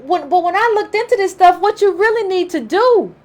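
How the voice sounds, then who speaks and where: A woman's voice: extremely high pitch, expressive, fairly quick, darkish tone. A woman with an African American accent giving an emphatic opinion monologue, repeating her points and acting out imagined quotes. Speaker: political commentator vlogger.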